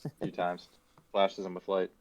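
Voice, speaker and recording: A man playing a tabletop game, rambling quickly through his ideas. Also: deep voice, completely flat delivery, no echo. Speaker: player. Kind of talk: casual tabletop play. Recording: dull lo-fi mic.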